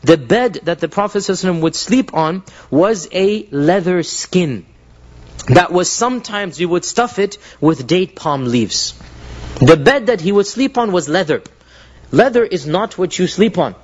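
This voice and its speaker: A man with a fairly high voice gives an earnest religious lecture, telling stories to a live audience. He often restarts his sentences and drops Arabic phrases in as he goes. The recording sounds dull and lo-fi. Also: expressive, moderate pace.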